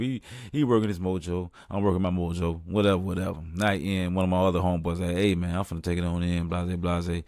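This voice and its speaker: A young man hosting a podcast tells a story a little fast in a level tone, keeping it laid-back and saying "man" over and over. Acting out parts of the story, he grows loud and high-pitched. It's a dry, studio-quality recording.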